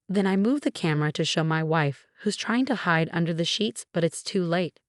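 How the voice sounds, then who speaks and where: A woman narrating a first-person story in a steady, even scripted reading. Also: on the low side, moderate pace, hardly any pauses, no room sound, studio quality.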